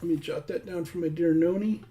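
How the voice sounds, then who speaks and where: A man's voice: fairly high pitch, fairly even intonation, a little fast. A man hosting a casual livestream, chatting and reading out viewers' names as he scrolls through comments. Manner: warm, rambling, reads names aloud while scrolling comments. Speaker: singer-songwriter hosting a livestream.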